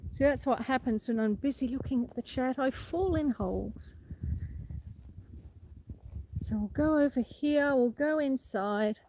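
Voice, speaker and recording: The host of this casual outdoor livestream is an Australian woman on a windy farm who reads comments aloud and welcomes viewers by name, laughing easily as she chats. She has a high, warm voice and a measured pace broken by long pauses.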